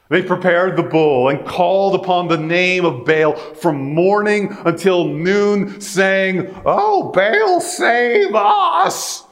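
A man preaching a sermon in a casual, conversational way with joking asides. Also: a little high.

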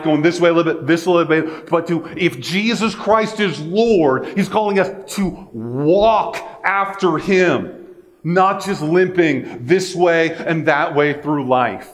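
A man's voice: fairly high pitch, measured pace. A man preaching a sermon in a casual, conversational way with joking asides.

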